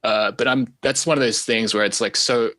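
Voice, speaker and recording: A man guest on a podcast, talking easygoing and self-deprecating, often restarting his sentences. His voice is bright and forward, and the recording is dry and close, with no room sound. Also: medium pitch, fairly even intonation, normal speed, no echo. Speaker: guest animator. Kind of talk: casual podcast chat.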